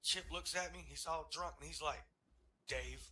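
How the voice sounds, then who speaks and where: A man doing a stand-up comedy set, telling a story in an animated, profane way and chuckling through his lines. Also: a little high, a little fast.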